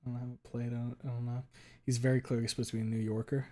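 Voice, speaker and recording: A man streaming live, chatting casually with his viewers. He swears often, fills his talk with "like", and gets loud and high when something amuses him. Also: flat delivery, very fast.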